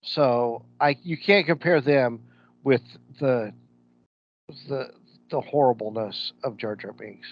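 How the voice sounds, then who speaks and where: A man with a Midwestern American accent co-hosts a podcast, taking it slowly at a medium pitch. He's blunt and opinionated in casual conversation, using slang like "ain't," and the recording is dull, lo-fi podcast audio.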